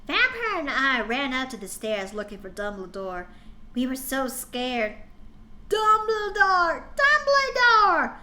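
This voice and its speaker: A woman's voice: fairly high pitch, lively intonation, unhurried, sharp tone. A woman streamer reading a story aloud for laughs, with exasperated, mocking asides. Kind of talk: comedic dramatic reading with commentary.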